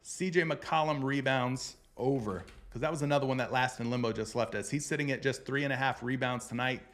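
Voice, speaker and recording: A man's voice: mid-range voice, brisk, a bit bright. A man hosting a casual sports betting show, joking loosely with viewers and calling them brother as he runs through his picks.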